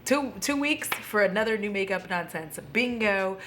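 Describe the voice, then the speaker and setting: A tipsy woman hosting a casual makeup review vlog from home, gushing, excitable and swearing freely. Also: mid-range voice, moderate pace, a little hiss or hum. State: tipsy from drinking. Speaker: beauty vlogger.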